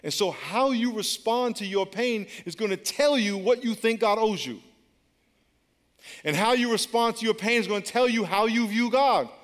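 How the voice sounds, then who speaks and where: A man's voice: high voice, moderate pace, fairly bright tone. A male pastor preaching an emphatic, repetitive sermon with call-and-response to his congregation. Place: large church auditorium. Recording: long church hall reverb.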